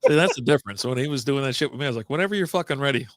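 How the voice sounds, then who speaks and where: A man's voice: medium pitch, lively intonation, rapid-fire, no room sound, clean studio sound. A man co-hosting a podcast, bantering loosely over beers, laughing often and swearing freely. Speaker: podcast co-host. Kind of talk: casual chat over beers.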